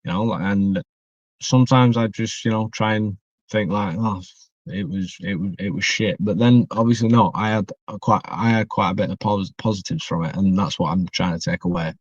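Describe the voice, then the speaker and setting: On the low side and fairly quick, a young man's voice holds a steady tone as he guests on a casual podcast. He's a wrestler from northwest England who rambles, restarts and leans on fillers. The audio is dry, muffled and dull.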